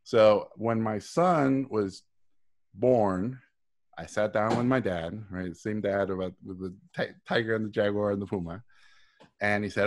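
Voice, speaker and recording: A man speaking as a guest on a video call, telling a story with animated delivery and acting out the lines of his characters. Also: fairly low pitch, a little slow. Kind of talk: storytelling talk.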